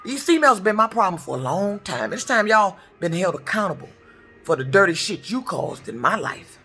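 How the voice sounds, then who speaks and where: A middle-aged woman vents hard to camera, her voice bright and sharp-edged as it swings wide between high and low. She rants in a profane, repetitive stream, circling back to the same points again and again. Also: sing-song, normal speed, breathy edge, soft background music. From Detroit, US. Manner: heated, profane, repetitive ranting. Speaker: truck driver. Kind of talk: angry ranting vlog.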